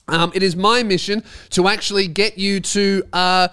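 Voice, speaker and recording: A man's voice: high-pitched, steady tone, moderate pace, few pauses, fairly bright tone, clean tone. Sardonic Australian man hosting a podcast. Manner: rambling, sardonic, self-mocking. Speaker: podcast host. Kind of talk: casual comedic monologue.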